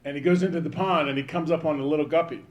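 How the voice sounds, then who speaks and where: A man's voice: on the high side, fairly even intonation, very fast, dull audio. A man in his fifties giving a rambling, joking banquet speech, calling out to people in the crowd. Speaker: banquet speaker.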